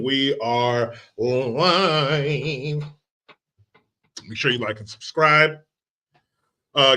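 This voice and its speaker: This man's mid-range voice is bright and forceful as he hosts a live political commentary stream. He's loose, sarcastic, and profane, reading the chat aloud, joking with it, and quoting films.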